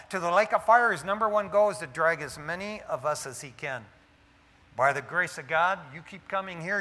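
A man delivers a sermon in a high, bright voice, emphatic yet conversational, with a habit of tacking "man" onto his points. The sound carries a long hall reverb around him. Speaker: preacher.

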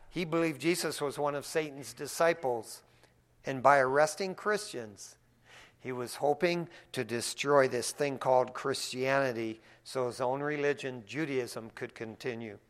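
A man preaches a sermon in a church as a pastor, his voice a little high, swinging from hushed asides to loud, excited preaching. He speaks in a folksy manner, often calling people "man".

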